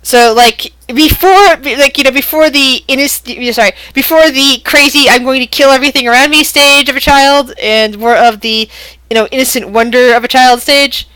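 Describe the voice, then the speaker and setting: A chatty woman runs a tabletop game, rambling through her descriptions and laughing often. Her voice sits a little high, and the recording is dry and close. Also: normal speed, fairly bright tone, clear, resonant tone, dry recording, rough recording. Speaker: game master. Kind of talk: narrating a tabletop game online.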